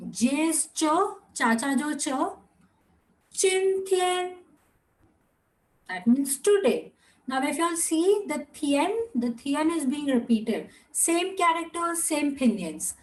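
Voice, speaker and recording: A woman's voice: high-pitched, rough recording. A woman with an Indian accent teaching a language class, patiently repeating words and asking students to repeat after her. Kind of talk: online class lesson.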